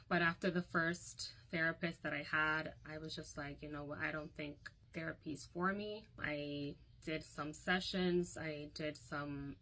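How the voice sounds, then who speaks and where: A woman's voice: low voice, sharp tone, rough recording. A young woman recounting a painful personal story to her phone, candid and emotional, often quoting others.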